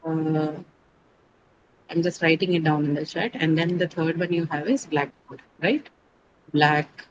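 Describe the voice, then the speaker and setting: A woman's voice: low-pitched, normal speed, highs cut off, background noise. A woman teaching an online English class, explaining step by step and often checking in with her students.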